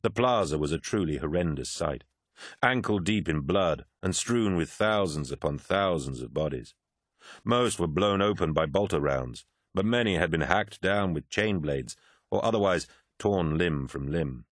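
A man reading a war novel aloud as an audiobook narrator, in measured, grave storytelling. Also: low voice, expressive, no echo, clean studio sound. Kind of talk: scripted narration.

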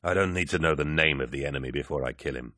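Audiobook captain: a man doing a curt, icy commander, very low voice, dry sound. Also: fast talker, sharp tone, no echo. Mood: stern. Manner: curt, cold and authoritative. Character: stern, commanding male warrior captain. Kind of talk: audiobook character voice.

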